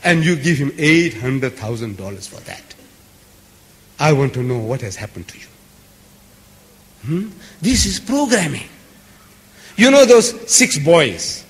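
A man delivers an impassioned lecture to a live audience, hammering his points with repeated lists. His voice sits a little high and swings widely in pitch. The sound rings with the long reverb of a large hall. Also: big pitch swings, a little slow, long pauses. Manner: emphatic, repetitive, building lists. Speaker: public speaker. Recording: echoey hall.

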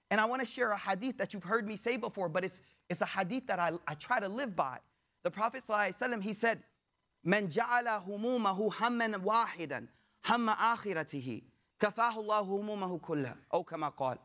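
A young man with a high voice preaches by telling a story. He talks in loose, everyday slang and slips into the voices of the people in his tale. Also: expressive, rapid-fire, a bit bright. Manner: casual slangy delivery, acts out quoted speakers. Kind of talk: storytelling sermon.

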